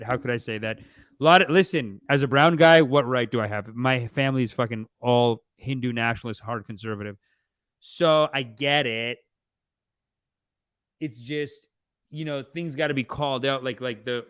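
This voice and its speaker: A male streamer in the middle of a loose, rambling commentary, tossing in fillers and asides as he goes. His voice sits at an ordinary pitch and sounds dry and close, with no room around it. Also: dry recording. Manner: animated, rambling, heavy use of 'like', quick asides. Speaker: host. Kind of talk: casual commentary while watching a documentary.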